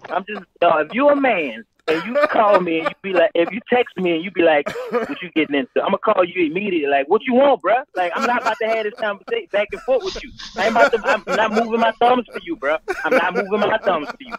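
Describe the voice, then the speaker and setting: A man co-hosting a casual podcast, ranting in an animated, profane way with lots of repeated fillers. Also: high-pitched, fast talker. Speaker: co-host. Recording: muffled with loud crowd noise.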